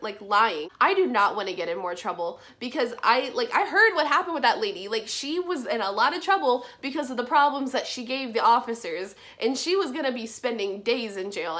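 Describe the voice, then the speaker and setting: A woman's voice: on the high side, fairly bright tone. A young woman casually telling a personal story on her vlog, frank and full of swearing and "like". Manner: frank, swears a lot, heavy use of "like". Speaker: vlogger.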